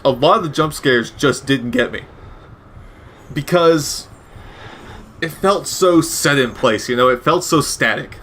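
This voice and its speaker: A man's voice: medium pitch, measured pace, pauses often, fairly bright tone, slight background noise. A man giving casual, rambling gameplay commentary with wry asides and frequent self-corrections. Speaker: gaming commentator.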